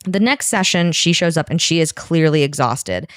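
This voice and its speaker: A woman's voice: deep voice, lively intonation, moderate pace, dry recording, clean studio sound. A woman co-hosting a podcast, retelling a story in casual chat and acting out the characters' lines.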